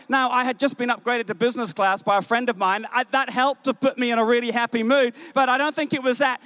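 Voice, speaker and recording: A male pastor preaching a sermon, telling family stories with many restarts and rising to slow, emphatic exhortation. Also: smooth, no room sound. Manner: animated storytelling, many repeated words and restarts; rises in pitch and slows when exhorting. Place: church stage.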